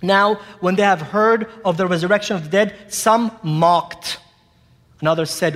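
Impassioned high-voiced male preacher. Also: moderate pace, long reverb tail. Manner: impassioned, rising to urgent pleading. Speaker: pastor. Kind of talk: sermon.

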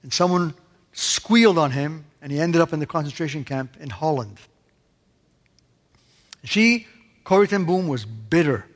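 Male pastor, sermon and prayer, emphatic with hushed dips, slightly high voice, long church reverb. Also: animated, measured pace, long pauses. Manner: emphatic, swings between loud stresses and hushed asides.

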